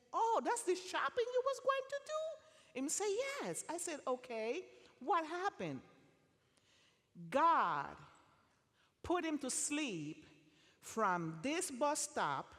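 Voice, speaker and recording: A woman telling a story from a chapel pulpit, acting out the dialogue as she goes. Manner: storytelling, acts out dialogue with lively swings in pitch. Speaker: chapel speaker. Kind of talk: testimony sermon. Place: university chapel. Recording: long reverb of a large hall.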